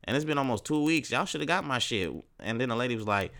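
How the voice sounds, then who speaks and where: A young man hosting a solo podcast, ranting in profane, animated street slang. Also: medium pitch, fast. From Texas, USA. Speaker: podcast host.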